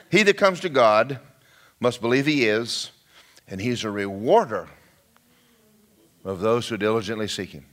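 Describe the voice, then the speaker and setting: This middle-aged pastor from Georgia, US, preaches a sermon and calls out questions to his congregation. His voice sits in the mid-range with a fairly bright tone.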